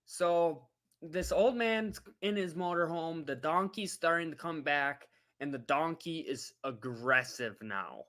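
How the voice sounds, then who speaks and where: A woman vlogger on a laid-back livestream tells her viewers a travel story slowly and in a deep voice, laughing and full of energy.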